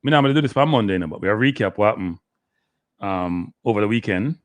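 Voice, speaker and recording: A low-voiced man hosts a casual live sports stream, rambling on and chatting to his viewers by name. His throat is dry, and the sound is close and dry with no room echo. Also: lively intonation, fast. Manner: rambling, talks to the chat by name, slips into Caribbean patois.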